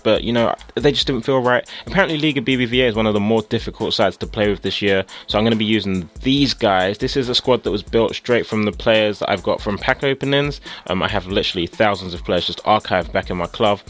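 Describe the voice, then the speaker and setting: A young man with a tired, sore-throated voice giving casual gameplay commentary that jumps into excited shouting. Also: mid-range voice. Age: young adult. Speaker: gaming YouTuber.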